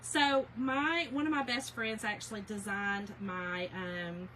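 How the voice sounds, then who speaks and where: On a casual craft livestream, a woman demonstrates a project and chats with viewers by name, using lots of fillers. Her mid-range voice is steady, slow, pushed and bright, and the low-quality recording has slight background noise.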